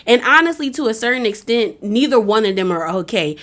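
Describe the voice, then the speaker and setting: A woman's voice: a little high, animated, fairly quick, a bit bright. A woman giving a casual, opinionated recap of a reality show. She talks chattily, with a lot of "like", and acts out the quotes.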